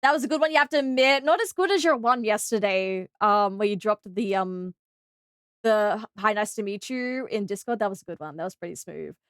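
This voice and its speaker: A young Australian woman chatting while streaming a game, bubbly and excitable, gasping and squealing as she greets viewers. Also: mid-range voice, brisk, smooth, dry recording, clean studio sound. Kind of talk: live gaming stream chat.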